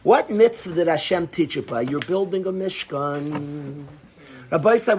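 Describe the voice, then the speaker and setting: A man giving an animated Torah class. He talks emphatically, repeats key phrases and asks rhetorical questions. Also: fairly high pitch, measured pace, a little hiss or hum.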